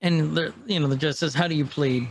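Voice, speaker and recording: A man's voice: on the high side, fairly quick, slight background noise. A man co-hosting a podcast, casually recapping a show and acting out its lines as he goes. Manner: animated, acts out scene quotes in passing. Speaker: podcast co-host.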